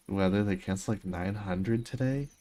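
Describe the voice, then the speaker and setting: A man's voice: on the low side, darkish tone, slight background noise. A young man casually chatting on a gaming livestream, reading his chat aloud and answering with joking, self-mocking remarks. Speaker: streamer.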